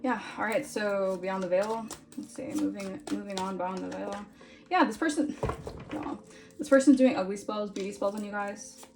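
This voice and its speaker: A woman's voice: mid-range voice, normal speed. A woman talks through a tarot reading in a casual, conversational way. She drifts between thoughts and keeps tacking on "all right?" as she goes. There is a faint hiss of background noise under her voice. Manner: chatty, repeats "all right?" often. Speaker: tarot reader.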